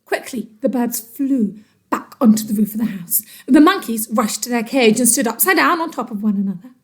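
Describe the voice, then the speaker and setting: A teacher reading a storybook aloud to children, expressive and dramatic. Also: female voice, fairly high pitch, brisk.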